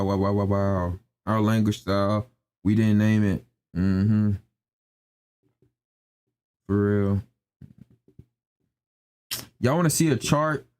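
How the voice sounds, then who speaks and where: A young man with a fairly low, darkish voice rants emphatically on a live stream in slangy casual speech. He keeps repeating his points and asking "you know what I'm saying."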